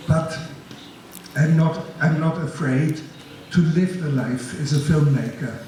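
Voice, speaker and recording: A man with a German accent giving a master class, telling his story in a slow, deliberate, grave way and answering audience questions. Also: fairly high pitch, warm tone. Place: large lecture hall. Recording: echoey hall, distant mic, faint noise.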